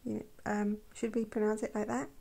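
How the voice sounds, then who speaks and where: A woman talking softly while swatching paints, often dropping to a whisper and gushing with delight. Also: mid-range voice, level tone, a little fast, gravelly. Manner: gushing, effusive, trails off into whispers. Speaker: art vlogger. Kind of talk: soft-spoken swatching commentary.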